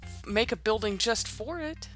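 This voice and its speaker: A woman's voice: on the high side, expressive, normal speed, fairly bright tone, soft background music. A woman chatting casually while playing a building game, musing aloud with hesitant asides and giggles. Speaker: Minecraft let's-play host. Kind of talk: casual gameplay chat.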